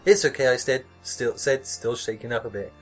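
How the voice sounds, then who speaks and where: A man's voice: medium pitch, normal speed, soft background music. A young man hosting a podcast, reading a scary story aloud and mocking it with sarcastic, swear-filled asides and frequent laughter. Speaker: podcast host reading stories. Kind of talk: comedic reading with sarcastic commentary.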